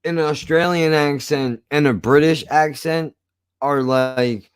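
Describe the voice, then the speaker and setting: A man hosting a casual chat, talking in a blunt, profane and cynical way, his voice rough from years of smoking. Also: a little high, slow pace, no echo. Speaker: host.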